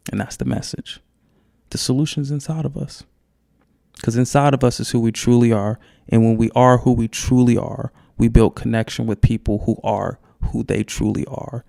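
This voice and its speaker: A man's voice: mid-range voice, steady tone, moderate pace, creaky, dark tone. A man speaking as a podcast guest, exuberant and emphatic, repeating phrases as he tells a parable about finding the solution inside yourself. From United States. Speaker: recovery center executive, podcast guest. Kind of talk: emotional podcast conversation and parable telling.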